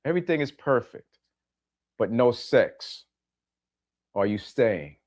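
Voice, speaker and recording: In a sing-song, mid-range voice with a darkish tone and a slow pace, a middle-aged podcast host muses to his audience. He speaks plainly, repeats key phrases to drive them home, and asks listeners direct questions.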